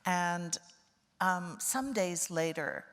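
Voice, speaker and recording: A woman's voice: lowish voice, lively intonation, very slow, fairly bright tone, big-room sound. An older woman, a guest actress, telling candid, wry anecdotes in a casual interview.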